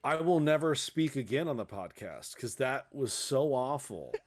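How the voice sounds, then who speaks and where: Animated man telling a story. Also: mid-range voice, moderate pace. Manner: animated storyteller, laughs while talking. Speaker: podcast co-host. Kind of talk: casual group chat.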